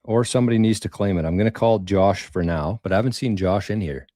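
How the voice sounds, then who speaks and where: This livestream host reads out viewer tips and thanks people in a loose, rambling way, with repeated words and light slang. He talks fast in a lowish, mellow voice, with no room sound and a clean studio recording.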